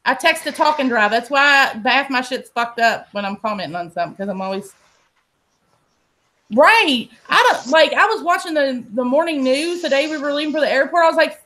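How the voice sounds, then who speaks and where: A woman's voice: sits high, expressive, normal speed, sharp tone. Profane, laughing woman. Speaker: host. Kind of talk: casual chat.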